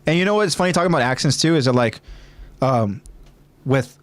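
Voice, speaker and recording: A man's voice: medium pitch, expressive, brisk, no echo. A man hosting a podcast in casual chat, rambling with many fillers and restarts. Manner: rambling, filler-heavy, hesitant. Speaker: podcast host.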